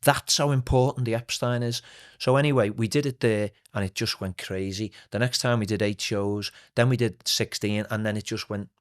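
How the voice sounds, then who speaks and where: A man, a singer and playwright, telling animated stories as a guest in a casual interview. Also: fairly low pitch, moderate pace, few pauses. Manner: animated, anecdotal storyteller.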